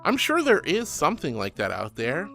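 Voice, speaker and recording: A man streaming as a VTuber, chatting casually with viewers and reading their messages. He talks in a soft, affectionate way, calls listeners honey and sweetie, and turns earnest and comforting when he consoles them. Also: fairly high pitch, huge pitch swings, moderate pace, vocal fry. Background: faint background music.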